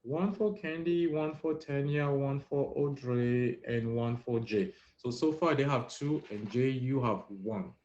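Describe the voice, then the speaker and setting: A man in the mid range, unhurried and darkish in tone, barely pauses as he runs a French pronunciation game on a live stream. He calls on players with playful teasing. The sound is dull lo-fi audio from the stream app.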